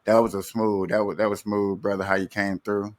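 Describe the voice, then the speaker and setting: A man's voice: lowish voice, flat delivery, a little fast. A man hosting a livestream in a casual, easygoing way, running the show and handing out points to guests. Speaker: livestream host. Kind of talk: casual chat.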